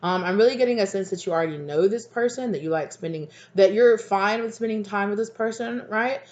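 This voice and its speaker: A woman's voice: medium pitch, brisk, a little mellow, muffled recording. Woman, tarot reader, casual card reading, rambling, lots of fillers. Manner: rambling, with many fillers and laughs.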